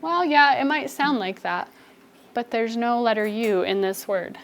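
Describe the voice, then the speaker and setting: Woman teacher running a 1st grade spelling lesson, quick encouraging directions, faint noise behind. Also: on the high side. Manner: brisk, encouraging classroom instructions.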